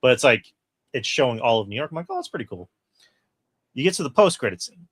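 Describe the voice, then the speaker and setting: A man's voice: mid-range voice, expressive, fast. A man hosting a casual movie review podcast, retelling scenes at length and acting out the characters' lines. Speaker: podcast host.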